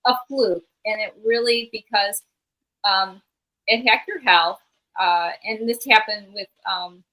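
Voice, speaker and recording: A woman guest on a livestream tells a story in a loose, rambling way, stopping often for fillers. Her voice is bright and forceful. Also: medium pitch, slow, rough recording. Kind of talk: casual chat.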